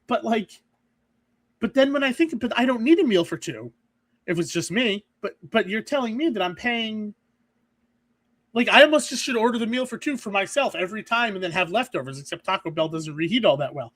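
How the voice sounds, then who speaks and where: A man with a notably high voice, fired up and ranting in casual podcast banter. The sound is close and dry, with almost no room around it. He talks in bursts and backs off with quick apologies. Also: lively intonation, a bit bright, no echo. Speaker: podcast co-host. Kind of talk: casual chat.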